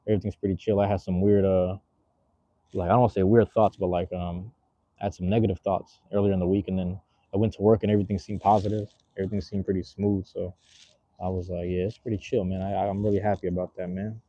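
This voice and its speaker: A man hosts a laid-back livestream, talking around a cigar and answering his chat in loose, slangy rambles. His voice is very dark and husky and sits a little low. The audio is dull and lo-fi. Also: level tone, fast, no room sound. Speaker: livestream host.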